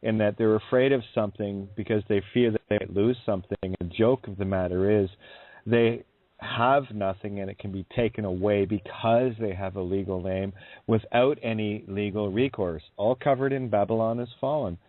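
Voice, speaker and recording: Low-voiced man preaching wryly on a phone line. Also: normal speed, no echo. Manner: emphatic, preachy, wry. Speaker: radio show host. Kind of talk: talk radio discussion. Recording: tinny dry phone line.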